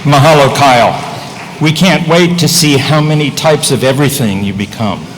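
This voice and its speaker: A man serving as master of ceremonies, introducing the next presentation in a plain, steady way. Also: mid-range voice, moderate pace. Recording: echoey hall, faint noise.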